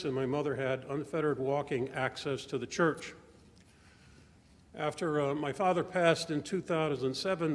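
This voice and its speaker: An older man speaks in a slightly raised voice, telling family memories in a measured, reflective way. His words ring out with a long reverb, as in a big church sanctuary. He is a church member giving a testimony talk from the lectern. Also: a little high. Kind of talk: personal testimony speech.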